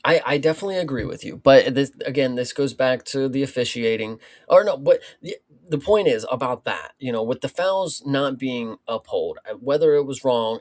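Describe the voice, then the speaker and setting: Male co-host, fired-up and profane, casual fight chat storyteller. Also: medium pitch. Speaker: podcast co-host.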